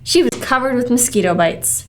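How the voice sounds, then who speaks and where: A woman reading a children's book aloud with expressive storytelling. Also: fairly high pitch, brisk. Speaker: reader.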